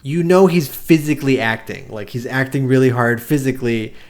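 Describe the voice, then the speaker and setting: A man's voice: mid-range voice, a little fast, darkish tone. A man co-hosting a comedy podcast, riffing on a movie in a rambling, casual way with laughs and swearing. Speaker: podcast co-host.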